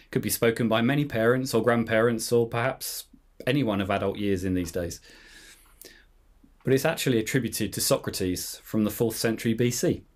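A man preaching a conversational homily, telling stories in an easy, relaxed way. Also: mid-range voice. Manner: relaxed storytelling with anecdotes.

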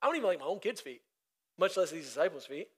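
High-voiced pastor preaching. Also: male voice, very animated, fast, a bit bright, breathy edge. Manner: emphatic and conversational, with repetition and side laughs. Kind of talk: sermon.

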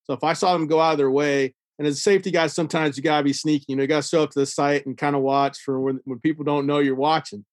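A man tells a story as a podcast guest, casual and animated, acting out the lines of the people he quotes. His voice sits slightly high. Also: very fast, few pauses, dry recording. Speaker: safety consultant, podcast guest.

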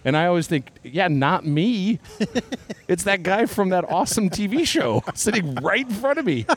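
A man hosting comedic play-by-play at a basketball game, chatty and quick to laugh, recorded courtside. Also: high voice, sing-song. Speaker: host and commentator.

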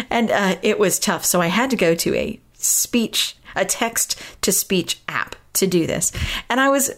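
A woman's voice: medium pitch, expressive, measured pace. A woman hosting a parenting podcast, telling a personal story in an earnest, reflective way and laughing now and then. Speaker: podcast host.

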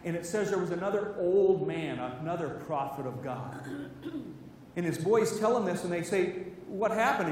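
A man preaching a sermon, telling Bible stories in a lively way and acting out the characters' lines. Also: sits high, slight background noise. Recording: echoey hall, voice from far off.

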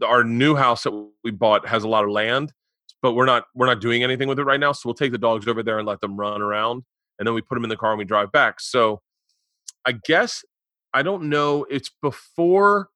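A man's voice: medium pitch, no room sound, studio quality. A man hosting a casual remote podcast chat as a comedian, telling rambling stories. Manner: rambling storyteller, animated when retelling stories. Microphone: remote call.

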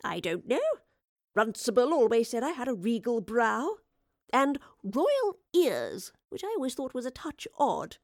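A breezy, chirpy eccentric professor, lifted in pitch and unbothered by danger, as a woman puts it on. Recorded close and dry for an audiobook. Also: sing-song, a little slow, no echo. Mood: musing. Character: cheerful, confident eccentric professor.

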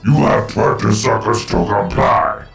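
A man voicing a cold, menacing male robot security guard who barks flat, clipped machine commands. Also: lowish voice, measured pace, creaky, echoey room, music in the background. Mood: commanding.

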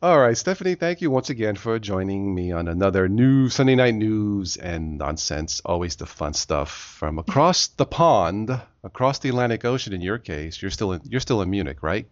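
A man's voice: fairly low pitch, animated, normal speed, few pauses, no room sound, dull audio. A man hosting a podcast in casual chat, joking and rambling with frequent laughs. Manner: jokey, rambling, laughs often. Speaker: podcast host.

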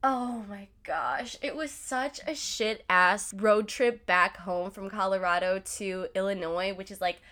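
A woman's voice: mid-range voice, unhurried, hardly any pauses, pushed and bright. A woman in her twenties telling stories to her viewers, chatty and profane, with "like" in nearly every sentence. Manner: chatty, swears a lot, filler "like" everywhere. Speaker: vlogger. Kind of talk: casual storytelling.

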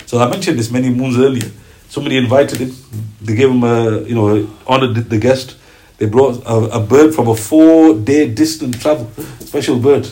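A man's voice: medium pitch, normal speed, poor audio. A man giving a religious lecture, telling stories and acting out the voices of the people he quotes. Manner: animated storytelling, acts out quoted voices. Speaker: Islamic teacher.

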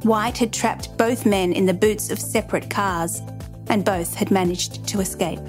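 A woman's voice: medium pitch, a little slow, faint music behind. Woman narrating a true story.

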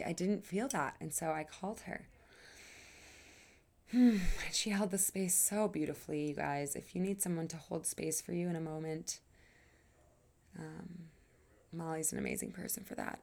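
A woman's voice: on the low side, fairly even intonation, normal speed. A woman hosting her own podcast, talking earnestly and emphatically, drawing out her phrases, sighing now and then, and swearing casually. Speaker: podcast host. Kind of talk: personal podcast monologue.

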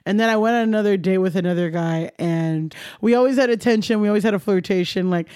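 A woman's voice: medium pitch, quick pace, smooth, no room sound, clean studio sound. A young woman, a comedian, telling candid stories in an interview, laughing often and acting out the dialogue. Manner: animated, laughing, swearing, acts out dialogue. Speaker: comedian guest.

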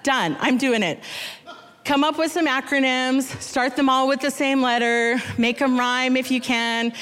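A woman in her thirties giving a storytelling sermon, chatty and self-deprecating, slowing down to read scripture. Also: high voice, steady tone, fairly bright tone, long reverb tail. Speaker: guest speaker.

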